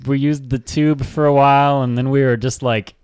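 A man's voice: medium pitch, steady tone, normal speed, darkish tone, clean tone, no echo, clean studio sound. A man co-hosting a podcast, telling a meandering story full of fillers and laughing through it. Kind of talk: casual storytelling.

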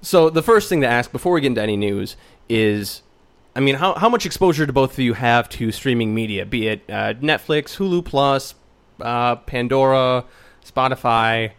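Male podcast host, casual chat, loose rambling questions, average pitch. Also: expressive, moderate pace, smooth.

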